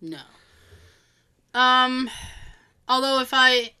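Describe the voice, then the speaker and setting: A woman from Massachusetts co-hosting a casual chat show, telling stories in an animated way and acting out the people in them. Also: high-pitched, extremely slow, clean tone. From Massachusetts, USA. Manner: animated storytelling, acts out quoted people. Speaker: podcast co-host.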